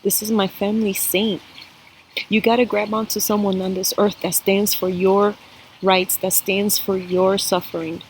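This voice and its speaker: A woman's voice: mid-range voice, level tone, unhurried, slight background noise, rough recording. A woman giving a spiritual cup reading to camera, earnest and emotional, talking straight to her viewers. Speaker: tarot and coffee-cup reader.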